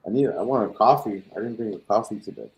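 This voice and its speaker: Low gravelly man, offhand replies. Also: fast, rough recording. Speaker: sales colleague. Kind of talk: casual chat during live calls.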